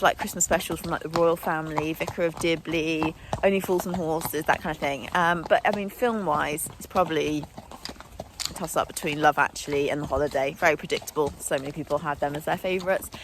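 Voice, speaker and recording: A young woman with a fairly low voice chats casually to camera about her day at the stables. She talks in a friendly, self-mocking way. The outdoor recording has clear noise behind her. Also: fairly even intonation, brisk. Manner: chatty, warm-hearted, laughs at herself. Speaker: riding instructor and vlogger. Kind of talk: casual vlog chat to camera.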